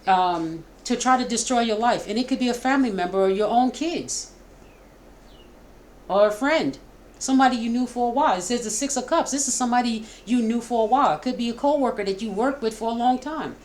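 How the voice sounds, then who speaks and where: A woman's voice: fairly high pitch, fairly quick. Emotional woman giving a tarot reading. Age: middle-aged. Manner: warm, repetitive, stumbling, emotional. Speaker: tarot reader. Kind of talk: casual spoken tarot reading.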